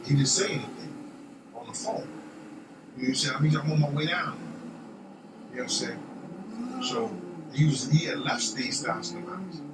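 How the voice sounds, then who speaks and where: A man's voice: fairly high pitch, animated, normal speed, long pauses. A man telling a long street story in casual, profane talk, often asking "you know what I'm saying". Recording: echoey, distant, noisy.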